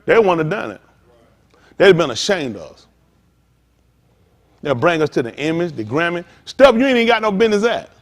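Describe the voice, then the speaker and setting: A man preaches with a high, lively voice that swoops up and down. He calls out to his listeners and acts out little scenes as he goes. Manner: lively preaching with call-outs to listeners, acted asides and drawn-out lines. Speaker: pastor. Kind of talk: sermon.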